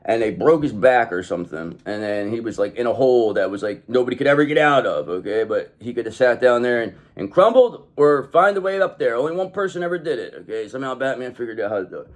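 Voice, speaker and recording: A man's voice: medium pitch, lively intonation, fast, hardly any pauses. Swaggering man giving a tarot reading. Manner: swaggering, emphatic, profane, keeps tagging "okay?". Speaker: tarot reader. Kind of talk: casual tarot reading monologue.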